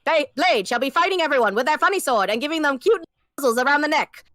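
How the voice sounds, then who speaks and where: A woman doing a 1920s newsreel announcer, brisk old-time cadence, high voice, dry sound. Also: lively intonation, bright, forceful tone, no echo. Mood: mock-grave. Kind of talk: mock news reading.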